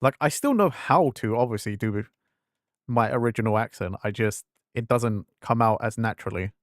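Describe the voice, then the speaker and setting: A young man from England talks into a desk mic at home, his London-leaning English accent worn thin. He rambles through casual stream chat, piling up fillers and restarting his sentences. His voice sits at an ordinary middle pitch, and the sound is dry and close with no room echo. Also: moderate pace. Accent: fading English, London-leaning. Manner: rambling, filler-heavy, self-interrupting.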